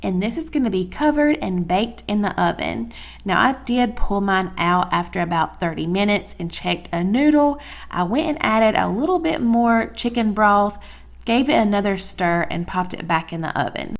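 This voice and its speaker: Southern woman, home-cooking host, chatty and folksy, mid-pitched, casual kitchen tutorial. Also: animated, normal speed. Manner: chatty, folksy, addresses viewers as y'all.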